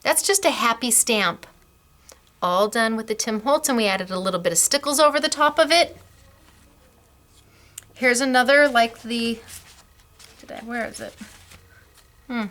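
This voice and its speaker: A middle-aged woman hosting a craft class, chatting warmly and gushing over samples, laughing often. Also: on the high side, a little slow, long pauses. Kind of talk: casual product demo.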